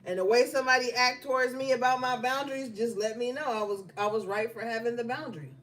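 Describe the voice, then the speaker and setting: A woman's voice: a little high, fairly even intonation, quick pace, a bit bright. A woman doing a casual tarot reading, blunt and profane, telling stories between the cards she draws. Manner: blunt, profane, conversational with slang. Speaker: tarot reader.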